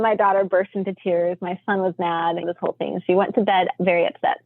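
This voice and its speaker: A woman telling a family story in a chatty, animated way, laughing often. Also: on the low side, fast talker, few pauses, no room sound. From United States. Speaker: podcast guest, homeschooling mother. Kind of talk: casual storytelling. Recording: tinny phone-line sound, dry.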